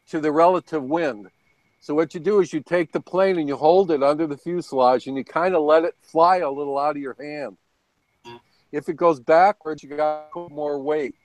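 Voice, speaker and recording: A man's voice: a little high, moderate pace, dry recording, faint music behind, low-quality recording. Chatty man telling rambling stories. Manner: rambling, chuckling anecdotes. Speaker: guest on a hobby video hangout. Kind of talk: casual storytelling chat. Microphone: video call.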